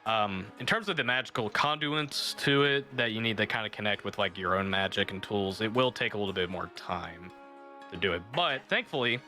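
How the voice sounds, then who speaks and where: A man's voice: lowish voice, a little fast, sharp tone, faint music behind. A man narrating a tabletop game as game master, rambling with fillers and restarts.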